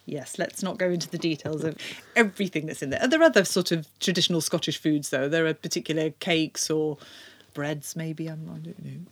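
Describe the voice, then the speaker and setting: Curious woman interview host. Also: low voice. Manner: curious, laughs often, quick questions. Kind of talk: casual interview chat.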